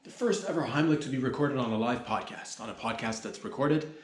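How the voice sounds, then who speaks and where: A man's voice: mid-range voice, a little fast. A man hosting a solo comedy podcast, rambling loosely, joking and swearing as he goes. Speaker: podcast host. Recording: echoey room.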